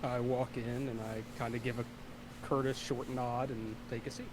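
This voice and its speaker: A man playing his character in a tabletop game, courteous and measured, with hesitant fillers. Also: medium pitch, level tone, darkish tone. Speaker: player. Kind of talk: in-character roleplay. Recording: background noise.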